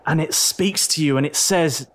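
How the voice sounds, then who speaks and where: A man's voice: fairly high pitch, moderate pace, a bit bright. A man acting as game master, telling the story to the players in the second person with a dramatic storyteller's delivery. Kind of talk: dramatic tabletop narration.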